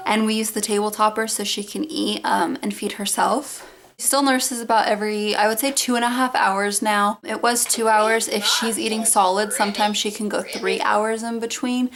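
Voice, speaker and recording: A woman's voice: medium pitch, gravelly, background noise. A young woman chatting casually through a baby update, talking to her viewers at home with lots of fillers. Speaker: mom vlogger.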